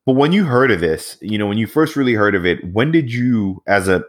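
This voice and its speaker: A man with a very deep, low voice hosts a conversational interview. He talks loosely and rambles, filling his pauses with "um" and "you know.". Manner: relaxed, rambling, many fillers.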